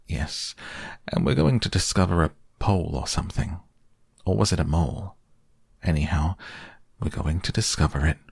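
A man's voice: low-pitched, animated, moderate pace, gravelly, long pauses, breathy edge, no echo, clean studio sound, heavily acted. Pooh, a man doing a simple cheerful bear. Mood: mild.

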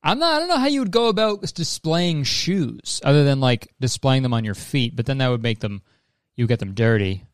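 A man's voice: medium pitch, expressive, fairly quick, clear, resonant tone, no echo, clean studio sound. Rambling, profane male podcast host. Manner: rambling, profane, laughs often. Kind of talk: casual podcast chat.

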